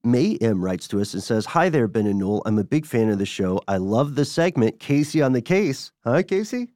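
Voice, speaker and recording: A man's voice: medium pitch, animated, normal speed, a little mellow, dry recording, studio quality. A man from Tennessee co-hosting a podcast, reading listener mail and chatting in an easygoing way, laughing often. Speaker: podcast co-host. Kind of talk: casual podcast chat.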